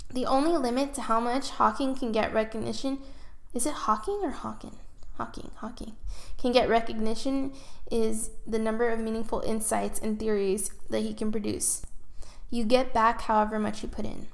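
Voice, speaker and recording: A woman's voice: on the high side, flat delivery, moderate pace, vocal fry. A woman hosting a casual solo podcast about a book, chatting and thinking aloud with fillers, in a room at home with posters on the wall. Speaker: podcast host. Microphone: handheld microphone carried around.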